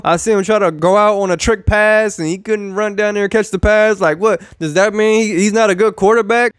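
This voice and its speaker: A man's voice: high voice, clear, resonant tone, dry recording, studio quality. A young adult man ranting about sports as a YouTube commentator, casual, sarcastic and profane, repeating phrases for emphasis.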